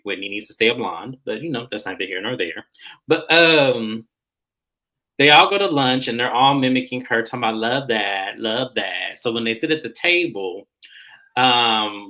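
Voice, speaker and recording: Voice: medium pitch, pushed and bright, rough recording. A vlogger giving a casual, slangy recap of a reality TV episode, acting out what the cast said. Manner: chatty, acts out quoted lines in shifting voices; slangy, informal phrasing. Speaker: recap reviewer.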